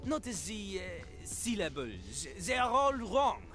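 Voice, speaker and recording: Cocky talking toilet for a game, high voice swinging all over, music behind. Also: male voice, very animated, slow, exaggerated voice. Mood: lecturing. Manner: lecturing, breaks into rap.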